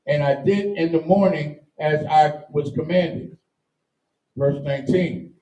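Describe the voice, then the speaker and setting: A man reading old scripture verses aloud, slow and halting, now and then stumbling over the words. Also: a little high, warm tone. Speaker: scripture reader. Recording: distant, echoey, dull lo-fi.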